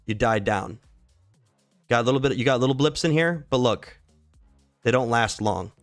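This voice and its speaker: A man's voice: medium pitch, normal speed, no room sound, soft background music. A man hosting a casual livestream, talking loosely and profanely with lots of "dude" and "like.". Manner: loose, slangy and profane, says "dude" and "like" often. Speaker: livestream stock market host. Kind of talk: casual live trading chat.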